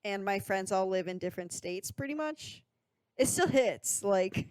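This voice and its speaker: A young woman co-hosts a podcast, chatting playfully and enthusiastically about a movie and joking plenty. Her medium-pitched voice is animated, a little mellow and smooth, moving at a moderate pace in a dry recording.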